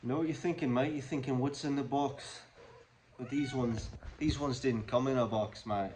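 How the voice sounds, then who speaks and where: A man's voice: medium pitch, steady tone, normal speed, a little mellow, slight background noise. A man doing a joking, slangy comedy monologue, rambling playfully from one aside to the next. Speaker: comedy vlogger.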